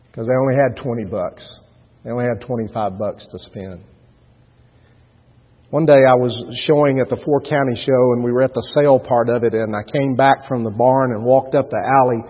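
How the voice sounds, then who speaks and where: A middle-aged man preaches a sermon, telling stories with earnest feeling and pressing his points with rising emphasis. His voice is a little husky and comes through a thin, phone-like radio broadcast. A long reverb trails each phrase. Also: mid-range voice. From Texas panhandle. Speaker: pastor.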